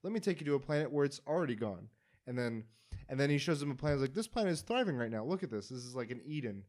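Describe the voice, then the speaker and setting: This podcast host is a man with a mid-range voice and a rapid-fire delivery. In casual chat he retells a story as an animated storyteller, acting out quotes and using lots of fillers.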